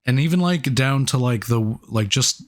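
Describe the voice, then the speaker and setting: A man's voice: mid-range voice, animated, normal speed. A man co-hosting a movie review podcast, chatting casually, swearing often and giving blunt opinions. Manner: laid-back, swears a lot, blunt opinions. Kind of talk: casual chat.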